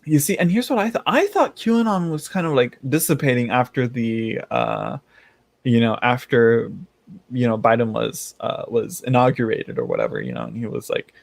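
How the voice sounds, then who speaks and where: A man chats casually on a livestream, rambling between thoughts and laughing often. His voice is mid-pitched with a gravelly, fry-laden edge. The sound is dry and close to the mic. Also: big pitch swings, moderate pace, no echo. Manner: rambling, laughs often, many restarts and fillers. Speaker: tarot channel host reading live chat.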